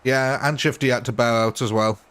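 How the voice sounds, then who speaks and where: A man's voice: mid-range voice, steady tone, brisk, fairly bright tone, smooth. Rambling, self-mocking male game streamer. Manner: rambling and self-mocking, prone to laughing at himself. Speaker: gaming livestream host. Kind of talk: casual live commentary chatting with viewers.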